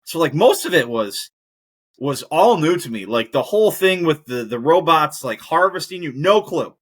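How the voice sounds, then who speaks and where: A man's voice: on the high side, moderate pace. Big guy host ranting and swearing a lot, voice jumps all over. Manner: profane, ranting, animated. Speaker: podcast host. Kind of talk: casual monologue.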